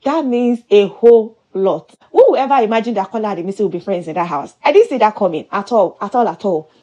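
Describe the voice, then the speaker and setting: Animated woman recapping gossip. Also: medium pitch, rapid-fire, dull audio. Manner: chatty and animated, with playful exclamations. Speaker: reality show recap host. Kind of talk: casual gossip commentary.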